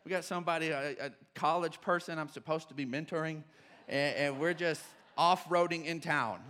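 Male pastor, fairly high voice, middle-aged, storytelling sermon full of restarts. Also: moderate pace, in a large hall. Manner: storytelling with many restarts and fillers, rising to shouts on key points. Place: church sanctuary.

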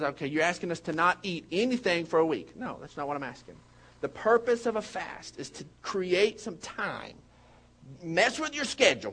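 A high-voiced pastor with a drawl preaching to his congregation. He tells stories in an animated, joking manner, and his light voice sits well above the usual male range. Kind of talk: sermon.

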